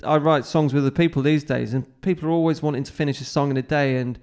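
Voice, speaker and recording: Man, middle-aged, musician guest, casual interview, rambling anecdotes, smooth tone, slightly high. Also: steady tone, quick pace, a little mellow. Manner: rambling storyteller with many restarts.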